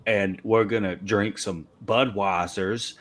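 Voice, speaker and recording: A man's voice: on the low side, steady tone, takes it slowly. Man doing a fake American accent, male actor impression, goofy, mocking, overdone. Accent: put-on American.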